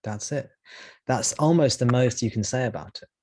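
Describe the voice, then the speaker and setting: A man's voice: mid-range voice, moderate pace, a little mellow, dry recording. A man teaching at a live satsang, speaking reflectively and thinking aloud, with frequent restarts as he searches for words. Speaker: spiritual teacher.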